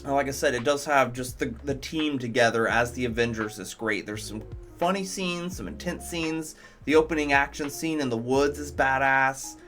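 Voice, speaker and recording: A man's voice: medium pitch, moderate pace, fairly bright tone, soft background music. A man reviewing movies in casual commentary, enthusiastic, profane and rambling.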